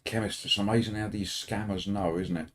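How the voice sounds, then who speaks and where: A British man with a lowish voice chats casually to his viewers on a racing stream. He keeps things light with dry, deadpan jokes tossed in between remarks. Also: brisk, a little hiss or hum. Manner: chatty, dry joking asides. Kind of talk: casual chat with a live stream audience.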